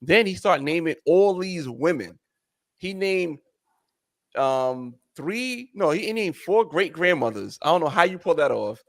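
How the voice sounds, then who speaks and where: A man co-hosting a casual chat, telling stories in an expressive, slangy way. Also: fairly high pitch, unhurried, gravelly, dry recording, clean studio sound.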